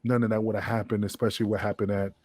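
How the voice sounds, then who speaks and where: A man's voice: on the low side, flat delivery, rapid-fire, crowd noise. A man, a guest wrestler, telling a long, rambling, profane backstage story in an interview. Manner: rambling, profane, full of fillers.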